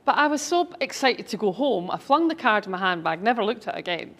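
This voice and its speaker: A woman's voice: mid-range voice, sing-song, fast talker, a bit bright. A middle-aged woman, a speaker and author, telling anecdotes to an audience in a chatty, enthusiastic way. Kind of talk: storytelling talk to an audience.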